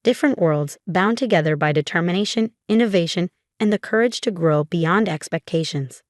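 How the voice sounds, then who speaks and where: Calm woman narrating a story. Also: on the low side, moderate pace, no room sound, clean studio sound. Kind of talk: scripted first-person story narration.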